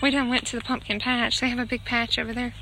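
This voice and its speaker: A woman's voice: fairly high pitch, flat delivery, fast. A woman in her twenties with a Southern US accent, chatting cheerfully on a family vlog and calling out to her kids. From northern Mississippi, US. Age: 20s. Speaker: family vlogger. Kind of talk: casual vlog narration. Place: outdoor farm and pumpkin patch. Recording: outdoor noise behind the voice.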